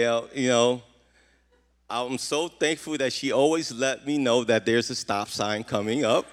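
Earnest male pastor in a reverberant hall. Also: medium pitch. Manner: earnest, repeats questions to the congregation. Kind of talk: sermon. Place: church.

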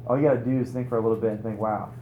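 A young man preaching a sermon at a conference, telling a story with lively rhetorical questions. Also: mid-range voice, racing, phone-quality sound, slight background noise. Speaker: conference speaker. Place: conference hall. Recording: roomy hall echo.

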